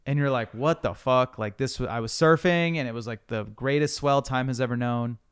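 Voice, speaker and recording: A man's voice: mid-range voice, brisk, clear, resonant tone. A man hosting a podcast, telling a long hypothetical story with casual swearing and a building of suspense. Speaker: podcast host.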